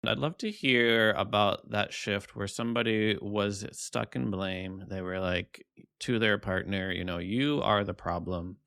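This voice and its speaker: A man hosting a podcast who asks questions gently and encourages his guest. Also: lowish voice, measured pace, vocal fry, dry recording, clean studio sound. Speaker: podcast host. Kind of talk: interview questions.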